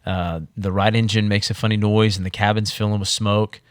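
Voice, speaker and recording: Man, podcast guest, animated storyteller, deep voice, dry close sound. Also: brisk, no room sound. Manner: animated, acts out the voices of other people. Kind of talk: storytelling in casual conversation.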